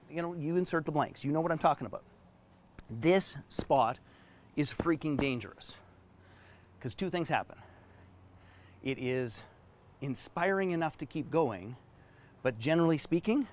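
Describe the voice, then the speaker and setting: A man's voice: on the high side, a little hiss or hum. A man teaching business owners on a live stream, talking them through a whiteboard drawing with emphatic, story-driven delivery. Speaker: business coach.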